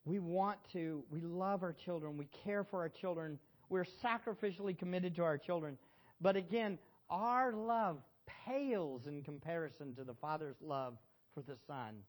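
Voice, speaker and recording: A middle-aged man preaching a sermon in a church, swinging between loud exhortation and hushed emotion and asking the congregation questions. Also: high-pitched. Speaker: pastor.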